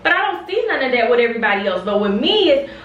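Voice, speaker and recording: A young woman vents straight to camera in a heated, confrontational vlog rant, hammering her points by saying them again. Her voice sits a little high. She sounds a step back from the mic in an echoey room with a faint hiss behind her. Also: very animated, fast, a bit bright, recorded from a distance, lo-fi sound. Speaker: vlogger. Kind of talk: direct-to-camera storytime rant.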